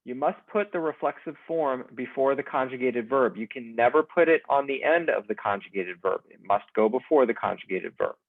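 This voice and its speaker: A man teaching a Spanish class, explaining verb endings in a slow, deliberate way and leading repeat-after-me drills. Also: medium pitch, dry recording. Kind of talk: recorded class lecture. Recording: dry, phone-like narrow sound.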